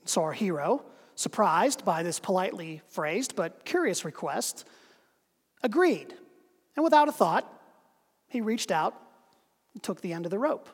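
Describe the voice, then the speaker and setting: A preacher telling a parable as part of a sermon, with slow, dramatic pauses and a voice that drops low at the ends of lines. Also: sing-song, breathy edge, in a large hall. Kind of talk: sermon storytelling.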